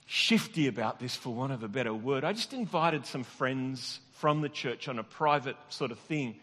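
A man's voice: medium pitch, lively intonation, normal speed, fairly bright tone. A middle-aged man, a pastor, telling a personal story in a conversational, self-deprecating sermon with restarts and chuckles. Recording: long reverb of a large hall.

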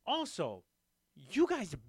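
Male co-host, high and bright, dry close mic, emphatic and animated. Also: slow, breathy edge, no echo. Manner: animated, emphatic, swears freely. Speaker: podcast co-host. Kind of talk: casual wrestling chat.

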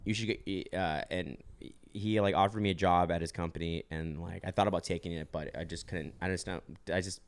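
A man's voice: low voice, fairly even intonation, a little fast. A young man hosting a podcast, chatting casually with plenty of fillers and jokes. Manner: rambling, filler-heavy, joking. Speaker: podcast host. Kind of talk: casual chat.

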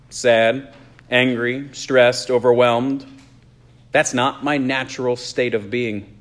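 A male pastor preaches in an earnest, storytelling way, his voice at an ordinary middle pitch. He slows down to let key phrases land. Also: a bit bright. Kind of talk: sermon.

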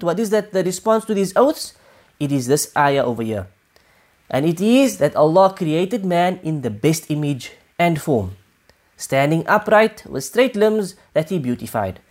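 Male religious teacher, lecture delivery, emphatic and repetitive, recites verses. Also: high voice. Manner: emphatic, builds points with repetition and rhetorical questions. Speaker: Islamic teacher. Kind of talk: Quran lesson.

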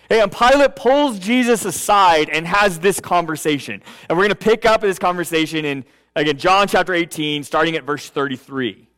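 A man's voice: high-pitched, normal speed, fairly bright tone, smooth. A man giving a conversational sermon as pastor, often checking in with the listeners and restarting his phrases. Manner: casual, checks in with "okay" and "right"; frequent restarts and repeated words.

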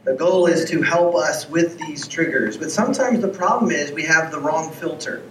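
A man's voice: on the high side, normal speed, fairly bright tone, a little hiss or hum. A man preaching a sermon who tells stories and acts out the dialogue in them. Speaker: pastor. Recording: echoey room, heard from far off.

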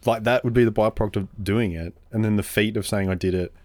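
A man's voice: lowish voice, steady tone, fast talker, darkish tone, no echo. A young man chatting casually on a podcast and telling stories with animation, laughing often. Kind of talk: casual chat.

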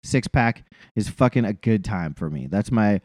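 A man talks casually on a podcast, rambling and swearing freely. His pitch swings widely as he goes, and the sound is dry and close with no room around it. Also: moderate pace, no room sound. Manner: rambling, profane, animated. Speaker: podcast co-host. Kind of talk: casual chat.

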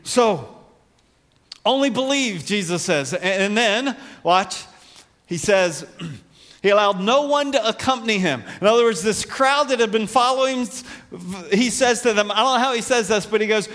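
A man's voice: high-pitched, animated, a little slow, a bit bright. A man preaching a conversational sermon as a pastor, acting out voices from the Bible story. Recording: long hall reverb.

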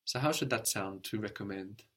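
A man teaches a spoken language lesson, patiently and steadily explaining pronunciation and stopping now and then to quiz his student with short questions. His voice sits on the low side with a fairly bright tone.

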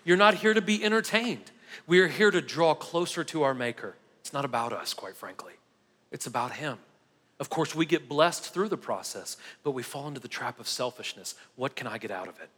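A man's voice: on the high side, expressive, fairly quick, a bit bright, in a large hall. A male pastor delivering an emphatic sermon, repeating key phrases and calling the congregation "guys". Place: church sanctuary.

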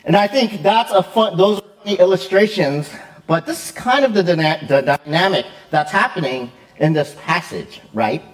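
Chatty pastor with a higher voice. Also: male voice. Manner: lively, chatty, often checks in with "right?"; quick, with fillers and self-corrections. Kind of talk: conversational sermon.

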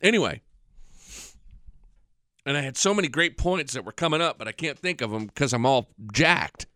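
A man hosting a podcast, talking in a rambling, frank casual monologue, congested and clearing his throat from allergies. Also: medium pitch, lively intonation, normal speed, pushed and bright, no echo. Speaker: podcast host. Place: studio.

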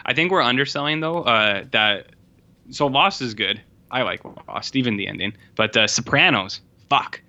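A man talking casually as a podcast co-host, swearing freely and slipping into the voices of people he quotes. His voice is bright and forceful. The recording sounds a bit dull and lo-fi. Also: mid-range voice, lively intonation, normal speed. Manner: loose, swears freely, acts out quoted dialogue. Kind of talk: casual chat.

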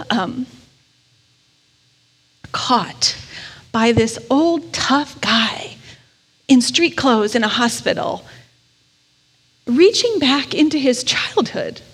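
A woman delivers a storytelling sermon in a fairly high voice. She talks in a candid, conversational way with a self-deprecating touch. Her words carry a long reverb from a large church hall. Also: animated, slow, pauses often, slightly rough. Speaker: preacher.

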